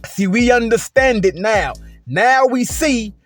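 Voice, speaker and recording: A man's voice: very high-pitched, expressive, slow pace, soft background music. A man hosting a commentary video, speaking emphatically and checking in with "right?". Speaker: host.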